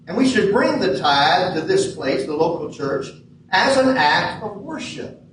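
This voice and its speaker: A man preaching a sermon as pastor in a church sanctuary, measured and leaning hard on key words. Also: sits high, big pitch swings, a bit bright, slight background noise. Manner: measured preaching with emphatic stresses. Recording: echoey hall from far off.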